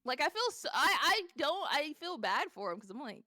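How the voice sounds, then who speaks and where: A young woman in her twenties telling stories in casual chat as a streamer, animated, laughing often and swearing freely. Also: high-pitched, moderate pace, few pauses, no room sound, clean studio sound.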